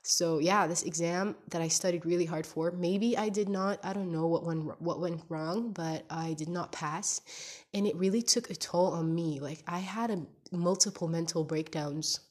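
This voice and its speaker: A woman in her twenties records a candid video diary, her nose stuffed up from crying. She speaks English as a second language, with a slightly low voice, and rambles as she hunts for the right words. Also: normal speed. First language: not English. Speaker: podcaster. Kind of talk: casual confessional video diary.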